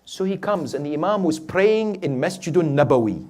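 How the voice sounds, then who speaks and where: A male preacher delivers a sermon in a slightly high, very lively voice that climbs and falls across a wide range. He builds to forceful urging, asks the listeners rhetorical questions, and then sinks into a hushed storytelling tone. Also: moderate pace. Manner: emphatic, poses rhetorical questions to the audience; swings between loud urging and quiet storytelling. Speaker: sheikh, preacher. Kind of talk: Muharram night sermon.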